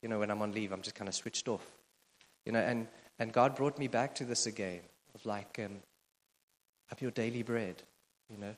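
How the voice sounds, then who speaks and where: A man's voice: fairly low pitch, normal speed. A man preaching a sermon as the church's pastor, conversational and joking, with plenty of fillers. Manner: conversational, self-deprecating humor, frequent fillers. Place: church auditorium. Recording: long hall reverb from a church PA.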